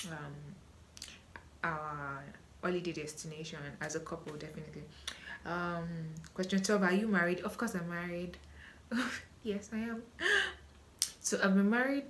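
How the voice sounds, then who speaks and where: Chatty Nigerian woman, lower voice. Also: a little hiss or hum. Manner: chatty, many fillers and restarts. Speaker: vlogger. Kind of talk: casual Q&A vlog.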